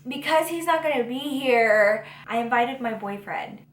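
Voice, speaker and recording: A woman's voice: on the high side, lively intonation, unhurried, reverberant. A woman quoting a pleading young best friend. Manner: coaxing, pleading.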